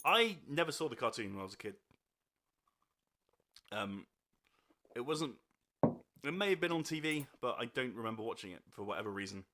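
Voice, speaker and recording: Man, podcast host, casual chat, teasing, bright tone, lively pitch. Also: normal speed, pauses often, a little hiss or hum. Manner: teasing, joking, laughs easily.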